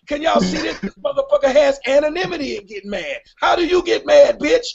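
A man's voice: very high-pitched, lively intonation, fairly quick, gravelly, few pauses, crowd noise. A man hosting a live stream who mocks and confronts his critics in a crude, brash way. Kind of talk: profane live-stream rant. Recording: lo-fi stream audio.

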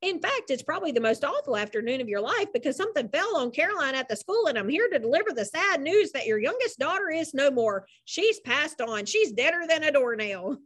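An excitable young boy with a high, lively voice that leaps around as a woman voices him. He speaks breathless and eager, the worried imagination of a storybook child. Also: fairly quick, hardly any pauses. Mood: rehearsing.

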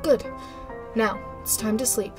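A woman voicing a gentle, protective old man in a video game, speaking slowly and softly. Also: a little high, fairly even intonation, close to an everyday voice. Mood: tender. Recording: game music playing underneath.

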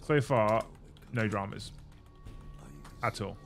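A man's voice: on the low side, takes it slowly. Guy on a hobby stream, chatty, thanks chat a lot, faint music under him. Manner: chatty, thanks viewers, bursts of excitement. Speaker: livestream host. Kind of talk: casual livestream chat while building models.

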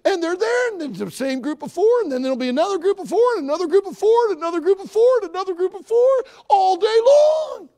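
A man in his sixties preaching a sermon, telling a story and swinging from hushed to shouting. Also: extremely high pitch, sing-song, quick pace, vocal fry, hardly any pauses. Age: 60s.

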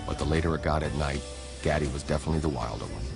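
A male documentary narrator with an extremely deep, low voice. He reads his lines in a measured, even, scripted way while a music score plays clearly underneath.

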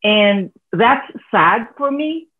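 A woman's voice: fairly high pitch, animated, very slow. Earnest Filipino woman on a tinny line. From Philippines. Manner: earnest, heartfelt, laughs softly while talking. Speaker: teacher, panelist. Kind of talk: panel discussion. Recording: tinny phone-like video call audio.

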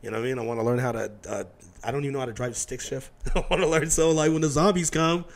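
A man hosting a laid-back interview from his home studio, talking quickly with a gravelly rasp. He tells loose, profane stories and slips into impressions of the people in them. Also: medium pitch, fairly even intonation. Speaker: podcast host. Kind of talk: casual interview chat.

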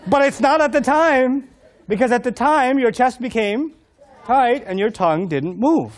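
High-pitched guy preaching, jokey and animated, acts out little scenes, laughs a lot. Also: a little slow. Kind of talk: humorous sermon to a live audience.

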